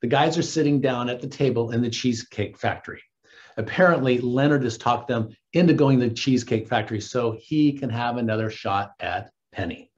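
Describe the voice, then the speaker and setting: A man working as a dating coach, giving casual, earnest advice and calling his listeners guys and gentlemen. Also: medium pitch, brisk, highs cut off.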